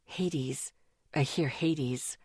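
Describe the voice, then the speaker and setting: A woman voicing an exhausted young man near death, speaking faintly in breathy, despairing whispers in an audiobook. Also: rumbling low, very slow, a little mellow, no echo, studio quality, pitched below the performer's own voice, exaggerated voice. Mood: weak.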